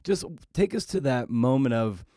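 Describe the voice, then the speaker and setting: A man's voice: mid-range voice, expressive, normal speed, warm tone, dry recording, clean studio sound. A man hosting a podcast interview, asking long, winding questions full of restarts. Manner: rambling questions with restarts, laughs along. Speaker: podcast host.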